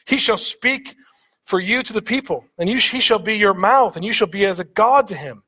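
Earnest high-voiced male preacher. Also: lively intonation, normal speed, pushed and bright, breathy edge. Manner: earnest, repeats words while preaching, rises in emphasis. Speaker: pastor. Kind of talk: sermon.

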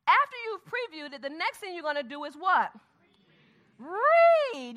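Bright-voiced woman teaching Bible study. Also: sits high. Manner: call-and-response questions to the audience; murmurs softly while skimming the text aloud.

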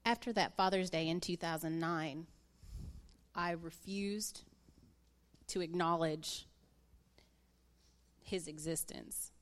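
A woman in her thirties with a slightly low voice shares her personal testimony. She tells it candidly, with emotion close to the surface. She speaks to a church audience. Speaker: guest speaker.

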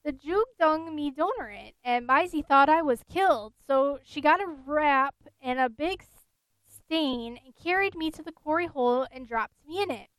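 A peevish, grumbling old ghost with a Scottish accent, put on lightly by a woman reading aloud. The voice sits high and bright, with a close, dry sound and no room around it. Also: animated, moderate pace, no room sound.

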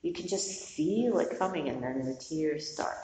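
A woman's voice: deep voice, animated, measured pace, dark tone. A middle-aged woman teaching meditation, giving a candid, digressive dharma talk to a group with some casual swearing. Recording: roomy hall from a distance, faint noise.

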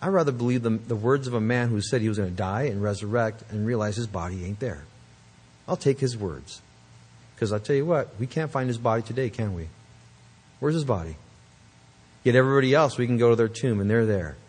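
Husky-voiced man preaching a sermon. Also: mid-range voice, expressive, brisk, a little mellow. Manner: emphatic preaching with rising fervor and asides. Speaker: pastor.

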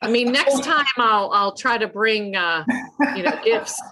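A woman, a clinical psychologist guest, telling a story in a casual interview, animated and self-mocking with frequent laughter. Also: fairly high pitch, a little slow, a crowd in the background.

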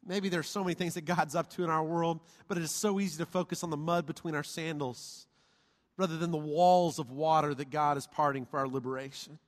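A male pastor preaches with a high, bright-pitched voice, playful and animated as he calls out to his congregation for amens. His voice rings through a church sanctuary with a long, reverberant tail. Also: a little fast. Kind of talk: sermon. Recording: reverberant hall.

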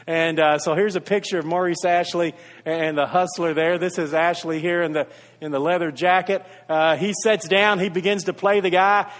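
A man's voice: high voice, steady tone, moderate pace, fairly bright tone. A man preaching a sermon as pastor, earnest and repeating his key points for emphasis, with storytelling asides. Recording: reverberant hall.

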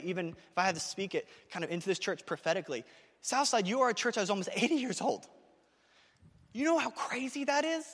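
High-pitched man, pastor, fast excited sermon, repeats key lines, long church reverb. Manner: fast, excited preaching with emphatic repetition. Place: church sanctuary.

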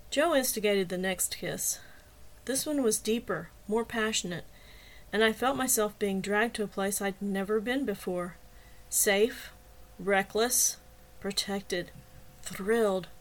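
Woman reading her own novel out loud, calm measured audiobook voice. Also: mid-range voice. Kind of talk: audiobook narration.

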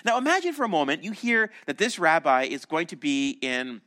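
A man's voice: on the high side, sing-song, fairly quick, pushed and bright. A man preaching a sermon as a pastor, telling the story animatedly and acting out the voices of crowds and disciples.

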